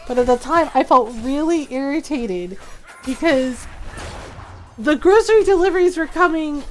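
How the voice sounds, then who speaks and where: A middle-aged woman streaming a game, chatting casually and telling an animated story, laughing often and acting out what people said. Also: high-pitched, a little hiss or hum. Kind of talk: casual chat while gaming.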